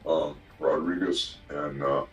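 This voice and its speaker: A man's voice: extremely low pitch, fairly even intonation, takes it slowly, muffled recording. An older man telling rambling, profane stories in a casual interview. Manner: profane, rambling yarn-spinner. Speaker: guest telling old stories. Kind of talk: casual storytelling.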